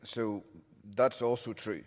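A male pastor delivers an expository sermon in a slow, slightly mellow mid-range voice. His style is thoughtful and conversational, with frequent rhetorical questions. The recording carries the long reverb of a large hall.

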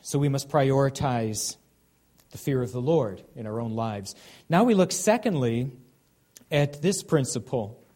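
A man's voice: a little high, warm tone. A man in his thirties, a pastor preaching a sermon in an earnest, conversational way, with frequent "okay?" check-ins.

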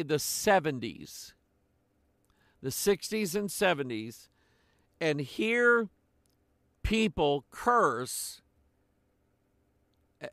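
Older male preacher, slow, measured delivery, higher-pitched voice, dry close sound. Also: pushed and bright, clear, resonant tone, no room sound. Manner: slow, deliberate preaching with pauses. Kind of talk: sermon.

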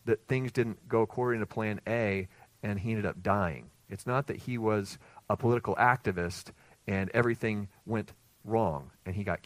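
A pastor preaching with growing emphasis and firing off rhetorical questions. His voice sits at a medium pitch, and the recording is dry and close with no room sound. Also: no echo. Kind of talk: expository sermon.

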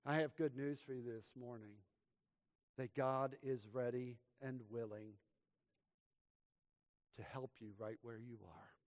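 A pastor preaching a sermon and praying from the pulpit of a church, with dramatic swings between loud emphasis and hushed, quiet lows. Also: male voice, steady tone, slow, long pauses. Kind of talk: sermon and prayer. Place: church sanctuary. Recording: long hall reverb from church.

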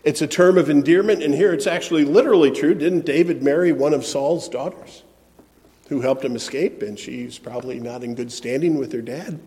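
Male preacher, sermon, expressive delivery, somewhat high voice, long hall reverb. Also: brisk. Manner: expressive, shifts between soft and emphatic delivery.

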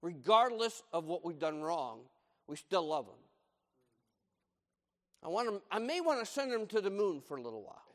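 An older man preaches with emphasis, driving his points home by repeating them. His voice sits high for a man. A long reverb trails each phrase. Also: sing-song, normal speed, pauses often, fairly bright tone. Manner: emphatic, repeats key lines, acts out quoted voices. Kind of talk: sermon.

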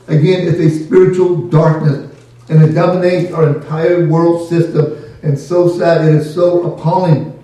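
High-voiced preacher guy asking the congregation questions, mellow tone, far off mic in a really echoey church. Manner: emphatic, repeats key phrases, asks questions to the congregation. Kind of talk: sermon. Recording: very echoey room, voice from a distant mic.

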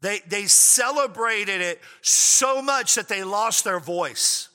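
Pastor guy preaching, high and very bright voice, joking around, big echo in the church hall. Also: slow. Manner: animated and joking, stretching key words out. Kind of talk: sermon.

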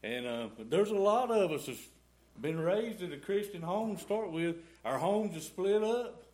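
A man's voice: high voice, animated, measured pace, darkish tone. A middle-aged man giving a rambling, folksy testimony in a church. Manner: rambling folksy storytelling, y'all and ain't. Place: church sanctuary.

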